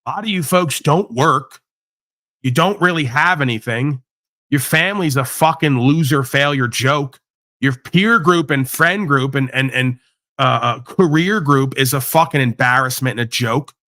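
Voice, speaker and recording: A man's voice: medium pitch, a little slow, sharp tone, no echo, clean studio sound. A man hosting a livestream, delivering a profane, combative, preachy rant. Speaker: livestream host. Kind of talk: ranting monologue.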